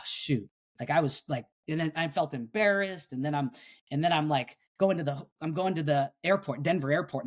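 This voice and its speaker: In a fairly high, husky voice, a middle-aged coach and speaker describes his everyday habits on a podcast. He comes across as earnest and full of energy, dramatizing the conversations in his own head.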